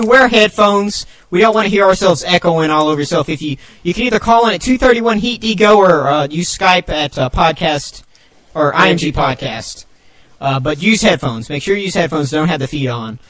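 An excitable man hosting a call-in podcast, his voice high and swinging widely in pitch. He jokes and laughs through fast banter, and his tone is bright and sharp. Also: low-quality recording. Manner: excitable, joking, laughing often. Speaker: podcast co-host.

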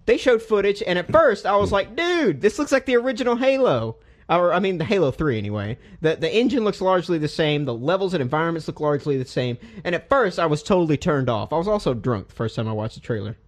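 A young man riffing about video games with a lively voice that jumps up and down in pitch. He swears freely and laughs easily. His voice sits a little high for a man. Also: quick pace, few pauses. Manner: animated, profane, laughs often. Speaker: podcast host. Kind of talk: casual gaming chat.

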